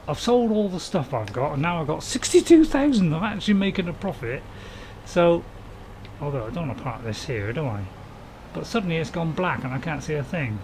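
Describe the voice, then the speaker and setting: Chatty man with lively pitch. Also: slight background noise. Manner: rambling, chatty, apologetic, chuckles often. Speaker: gaming channel host. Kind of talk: casual let's-play commentary, chatting with viewers.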